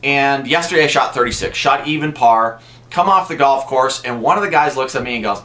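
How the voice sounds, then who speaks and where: A man's voice: mid-range voice, brisk, bright, forceful tone. Chatty man telling golf stories to camera. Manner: chatty storytelling, frequent restarts. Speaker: golf instructor vlogger. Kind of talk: casual direct-to-camera talk.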